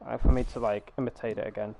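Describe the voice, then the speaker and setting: A man's voice: medium pitch, level tone, quick pace, vocal fry, warm tone. A man streaming a game, chatting casually on a headset mic in a rambling way, with lots of fillers and restarts. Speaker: gaming streamer. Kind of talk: casual chat over gameplay. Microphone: gaming headset.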